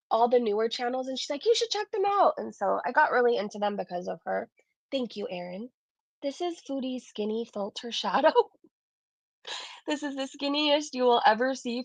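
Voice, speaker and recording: A woman with a fairly high, gravelly voice hosts a casual reaction channel, recorded with no room sound. She is sarcastic and blunt, swears freely, and laughs through her commentary.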